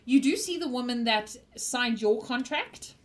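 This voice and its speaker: A woman narrating a tabletop role-playing game as game master, chatty and quick to laugh, thanking viewers between scenes. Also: fairly high pitch, lively intonation.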